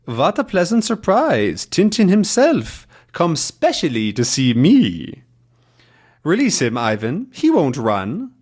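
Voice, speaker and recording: A man's voice: a little high, wildly swooping pitch, slow, darkish tone, slightly rough, pitched above the performer's own voice, full character voice. A man voicing a smug, menacing male villain from a comic, with a put-on mock German accent. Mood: gloating. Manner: exaggerated, threatening, gloating.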